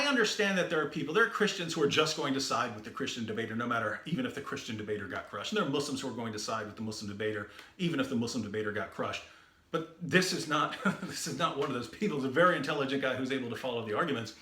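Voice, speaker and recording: A man who is a Christian debater, telling a story in a lively, animated way. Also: mid-range voice. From the West. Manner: lively and animated, acts out quoted voices. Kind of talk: storytelling talk. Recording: roomy echoey room.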